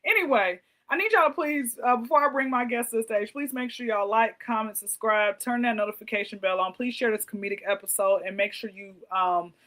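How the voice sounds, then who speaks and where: A woman hosting a comedy talk show, loud and playful, teasing her guest in casual banter. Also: fairly high pitch, fairly quick, few pauses.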